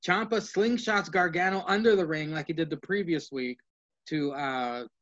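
A man co-hosting a casual podcast, reading through his notes in quick play-by-play and swearing now and then. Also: on the high side, fairly bright tone. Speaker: podcast co-host. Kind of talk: casual wrestling recap from notes. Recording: dull lo-fi sound.

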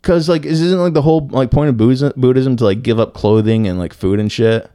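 A young man co-hosting a podcast, telling a story casually with lots of swearing and filler words and bursts of loud disbelief. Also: medium pitch, fairly quick, clean tone, no echo, studio quality. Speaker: podcast co-host.

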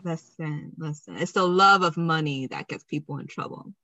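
Young woman podcast host, crisp bright tone, dry close mic, teasing and jokey. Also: deep voice, moderate pace, no echo, dull audio. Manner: playful, laughs often. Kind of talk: casual chat.

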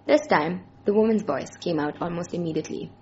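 A woman narrating a short story in a plain, steady way as its reader. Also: fairly low pitch, fairly quick, muffled recording, a little hiss or hum. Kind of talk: scripted narration.

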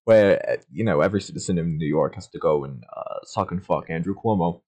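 A young man co-hosting a podcast, telling an absurd story in a halting, deadpan way. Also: low-pitched. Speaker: podcast co-host.

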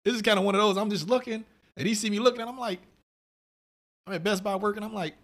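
Man, podcast co-host, casual chat, quick pace, profane, acts out quotes. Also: high voice, steady tone, creaky, a bit bright. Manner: loose, profane storytelling with quoted voices and laughs.

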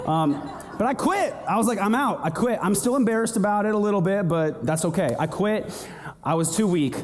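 Young guy preaching, high voice, animated, lots of little acted bits, long echoey hall. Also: brisk. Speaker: pastor. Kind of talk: sermon.

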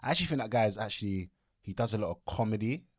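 A man's voice: on the low side, expressive, very fast, dry recording, clean studio sound. A young man co-hosting a couple's vlog in casual chat, joking and teasing in an easygoing way.

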